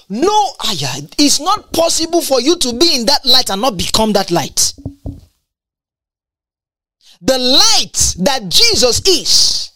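A woman delivering a sermon with fervent emphasis. She repeats key phrases and quotes scripture. Her pitch sits high and swings with animation. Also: fairly bright tone. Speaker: preacher.

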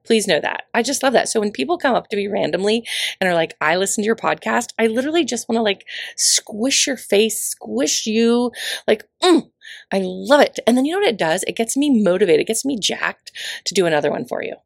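Raspy-voiced woman, middle-aged, upbeat podcast host, gushing and emphatic; dry close sound. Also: mid-range voice, fast, no room sound. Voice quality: raspy, gravelly voice. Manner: energetic and effusive, playful asides, emphatic repetition. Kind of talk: upbeat motivational podcast monologue.

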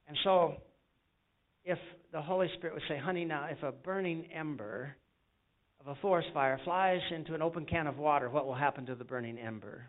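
A man's voice: fairly high pitch, normal speed, phone-quality sound. A man preaching a sermon with call-and-response and folksy stories, from the United States. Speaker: pastor.

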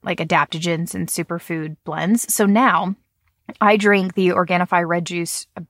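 A woman's voice: on the low side, fairly even intonation, normal speed, fairly bright tone, dry recording. A woman in her thirties chats easily as a podcast host, her voice slightly nasal from a cold and full of casual fillers. The recording is close and dry, with no room sound. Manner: chatty, with fillers and light laughs. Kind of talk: casual podcast chat with a sponsor read.

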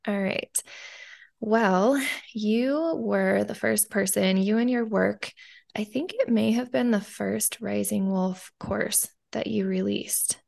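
Woman, podcast host, very gravelly voice, casual rambling chat, lots of ums. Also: mid-range voice, takes it slowly, a little mellow. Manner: rambling, with frequent ums and restarts.

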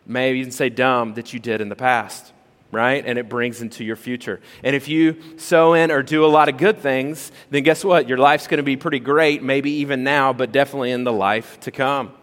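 A male pastor preaching a sermon in a conversational, animated way, full of rhetorical questions. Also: medium pitch, moderate pace. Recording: long reverb of a large hall.

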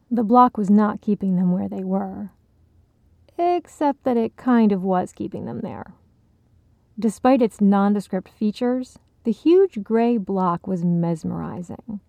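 A woman narrating a short story in a measured, even way. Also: mid-range voice, creaky, no echo, lo-fi sound. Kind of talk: audiobook narration.

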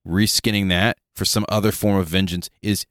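Deep-voiced joking podcast co-host man. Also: steady tone, fairly bright tone, dry recording, studio quality. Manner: joking, rambling, quick asides. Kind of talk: casual tabletop gaming chat.

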